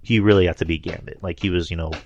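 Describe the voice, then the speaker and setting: A man's voice: low voice, fairly even intonation, fast, lo-fi sound, slight background noise. A man co-hosting a podcast, chatting casually and rambling with lots of fillers and laughs. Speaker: podcast co-host. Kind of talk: casual chat.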